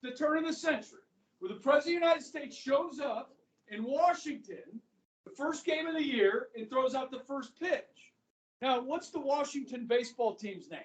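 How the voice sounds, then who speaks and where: A man's voice: very high-pitched, lively intonation, moderate pace. A man with a Kansas accent teaching a history class in a casual, chatty way, often checking in with "okay?". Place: school classroom. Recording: echoey classroom from far off.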